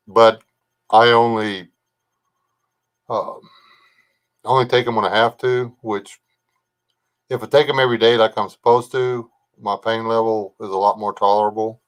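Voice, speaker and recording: A man's voice: on the low side, clear, resonant tone. An older man, rambling casually as he hosts a livestream, greeting viewers by name and chatting about his family. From Texas. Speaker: livestream host. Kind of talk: casual live chat reading comments.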